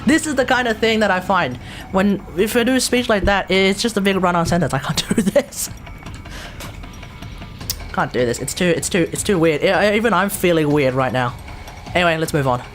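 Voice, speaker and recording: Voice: mid-range voice, normal speed, soft background music. An Australian game streamer chatting casually on a live stream, rambling, laughing and swearing as they go.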